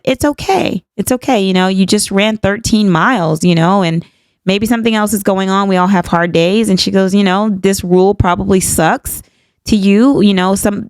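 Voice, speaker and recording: A woman's voice: medium pitch, a little mellow, no room sound. A woman in her fifties, a podcast host, candidly retelling a personal story and acting out both sides of the dialogue. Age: 50s.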